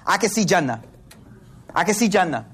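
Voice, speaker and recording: A worried young man pours out his confession in an anxious rush, as a preacher acts him out. The voice sits fairly high, with a husky, breathy grain. He sounds earnest and urgent. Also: very animated, fairly quick, fairly bright tone, full character voice.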